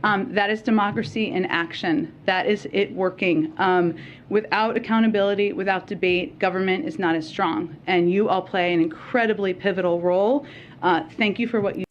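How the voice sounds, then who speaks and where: A woman's voice: medium pitch, steady tone, highs cut off, a little hiss or hum. Emotional woman at a press briefing. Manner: emotional, halting, with many fillers. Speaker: press secretary. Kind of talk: formal farewell speech at a briefing.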